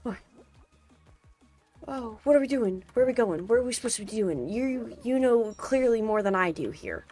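A young woman streaming a game, reacting loudly, complaining about the levels and thanking viewers in chat. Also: a little high, lively intonation, normal speed. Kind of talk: casual live-stream gameplay chat. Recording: faint game music behind.

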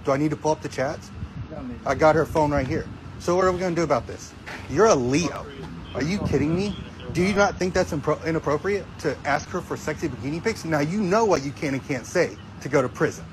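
A man confronting someone face to face with a rapid string of pointed questions. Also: fairly high pitch, background noise.

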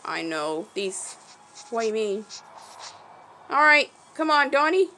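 A woman streaming a game, chatting to the animals in it like pets and breaking into lively exclamations. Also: on the high side, slow, slight background noise, low-quality recording. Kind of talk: casual game commentary.

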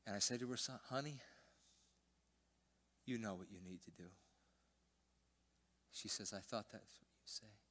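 An older male pastor with a fairly low voice, preaching a sermon in a church. He tells his story with sudden loud emphasis, then drops to a hushed near-whisper. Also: measured pace, pauses often. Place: church sanctuary.

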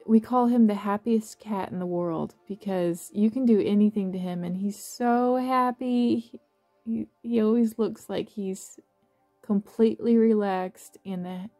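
A woman with a mellow, slightly gravelly voice narrates a guided visualization. She talks softly and tenderly, with small gentle laughs, over faint background music. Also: medium pitch. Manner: soft, slow and affectionate, with gentle laughs. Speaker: meditation guide.

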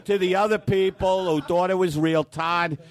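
A male comedian guest chatting on a podcast, loud and shouty with bursts of laughter. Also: high-pitched, fairly even intonation, normal speed. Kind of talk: casual podcast chat.

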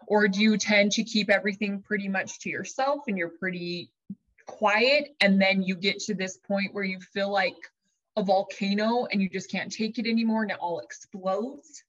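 A woman life coach explaining ideas to her audience, lively and chatty, sometimes putting on her own dramatic inner voice as an example. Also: mid-range voice, moderate pace, dull audio. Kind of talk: teaching talk to an audience.

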